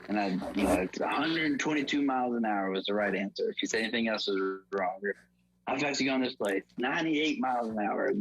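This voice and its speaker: A man's voice: fairly quick, slightly rough, dull audio. A young man casually telling football stories and acting out his old coach's lines. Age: young adult. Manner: animated, acts out coach's lines in a high voice. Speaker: podcast guest, former football walk-on. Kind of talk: casual storytelling.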